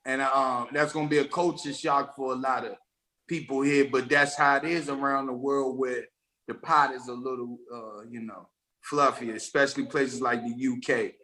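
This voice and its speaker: Bright-voiced DC man talking casually. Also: mid-range voice, fairly even intonation, moderate pace. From Washington DC. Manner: laid-back, rambling storytelling with frequent restarts. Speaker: guest rapper. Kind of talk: casual podcast conversation.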